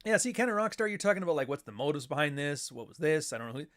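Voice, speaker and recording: A man's voice: fairly high pitch, very animated, racing, fairly bright tone. A man hosting a podcast, ranting in a casual, profane and sarcastic way. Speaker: podcast host. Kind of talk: casual livestream rant.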